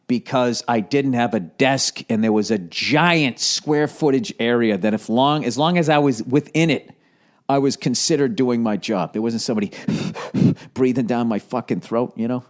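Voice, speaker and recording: A man's voice: mid-range voice, moderate pace. A middle-aged man hosting a solo comedy podcast, profane and ranting, with a cough, recorded in an echoey home office. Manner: profane, ranting, jumps into mocking put-on voices. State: has a cough. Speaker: podcast host. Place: home office with some echo. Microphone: studio headphones and recorder.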